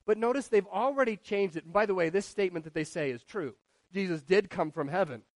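A man preaching a sermon, moving between loud and hushed delivery and asking the congregation questions. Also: sits high, brisk, no echo. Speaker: pastor.

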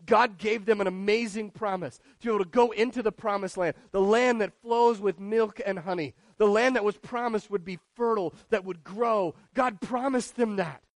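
A man preaching a sermon, moving between loud and hushed delivery and asking the congregation questions. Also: sits high, moderate pace, hardly any pauses, no echo. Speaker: pastor.

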